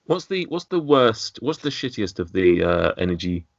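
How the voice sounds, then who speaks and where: A man's voice: fairly low pitch, sing-song, normal speed, vocal fry, no echo. A British man hosting a podcast in casual, jokey banter, often repeating his words. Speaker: podcast host. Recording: dull dry lo-fi audio.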